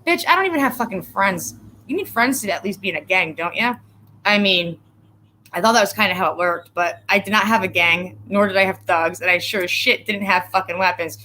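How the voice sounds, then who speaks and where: A woman's voice: medium pitch, a little fast, sharp tone, a little hiss or hum. Profane, sarcastic woman ranting on stream. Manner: emotional, tearing up while reading viewers' comments. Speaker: vlogger. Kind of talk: casual live-stream rant.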